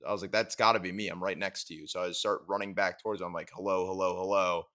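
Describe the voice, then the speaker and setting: A man with a low but bright voice tells a gaming story on a podcast. He talks casually and laughs at his own story. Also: fairly even intonation, rapid-fire. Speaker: podcast guest.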